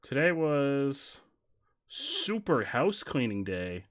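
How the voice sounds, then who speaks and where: A man's voice: medium pitch, huge pitch swings, slow pace. Jokey man rambling on a live stream. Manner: jokey, rambling, swings from mumbling to loud bursts. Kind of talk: casual live-stream chat and improvised storytelling.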